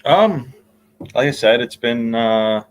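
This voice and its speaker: Man, podcast host, casual chat, rambling, easygoing, filler-heavy, mid-pitched voice. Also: lively intonation, slow, poor audio.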